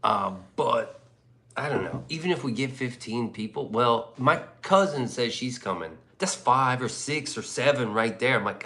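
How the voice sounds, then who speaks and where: A man's voice: mid-range voice, animated, normal speed, pushed and bright. A man hosting a livestream in rambling casual chat, profane and loose, often laughing. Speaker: livestream host.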